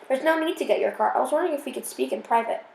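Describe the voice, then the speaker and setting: A woman's voice: high voice, rapid-fire, gravelly, a little mellow, reverberant, slight background noise. A woman reading the part of a courteous young male cadet with a clipped German accent in an audiobook.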